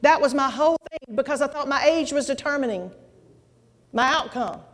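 Lady preacher telling her testimony, folksy and lively, higher voice, echoey church. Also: normal speed. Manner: animated, folksy, exclamations and asides. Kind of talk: testimony sermon to a congregation. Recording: long hall reverb.

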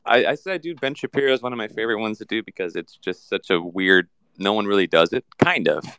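A man's voice: fairly low pitch, expressive, fast talker, fairly bright tone, smooth, no room sound. A man chatting eagerly as a guest on a live audio stream. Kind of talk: casual chat.

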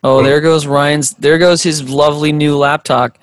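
A man's voice: a little high, level tone, moderate pace, no room sound. A man hosting a casual chat, teasing his guests with jokes. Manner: teasing, joking.

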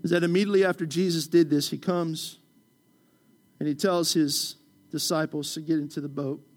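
A man pastor preaching a passionate sermon in a church, swinging from loud urgent calls to quiet prayer. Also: on the high side, steady tone, moderate pace. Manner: impassioned preaching, rising loud then dropping soft.

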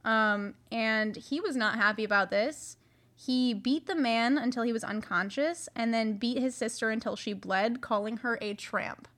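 A woman's voice: fairly high pitch, normal speed, fairly bright tone. A young woman co-hosting a true crime podcast, telling the case in casual chat with many fillers and restarts. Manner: chatty, many likes and restarts. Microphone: podcast mic.

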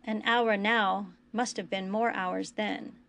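A woman podcast host reading fan fiction aloud in a quiet, even storytelling manner. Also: mid-range voice, slow pace, creaky, slight background noise.

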